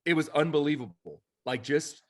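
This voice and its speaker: Animated man telling coaching stories. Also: a little high, moderate pace. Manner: animated, emphatic storytelling. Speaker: youth baseball coach and podcast co-host. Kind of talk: casual chat.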